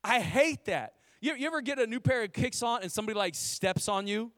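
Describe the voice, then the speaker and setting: A pastor in his thirties gives a sermon in a high, bright voice, addressing the congregation like friends with lots of restarts, quick asides, and "like." He's energetic and conversational, and the recording is dry and close-miked.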